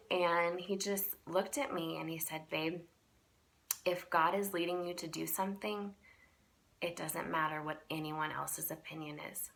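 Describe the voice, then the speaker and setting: Slow, gravelly-voiced woman vlogger. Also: low-pitched. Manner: animated storytelling with frequent ums and laughs. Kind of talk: personal testimony vlog.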